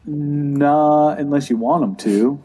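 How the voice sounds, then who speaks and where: A man runs a tabletop game as dungeon master, setting scenes with loose fillers and pauses. His mid-pitched voice is dark and mellow. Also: lively intonation, poor audio. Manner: describes scenes with fillers, drops to a low voice for villains.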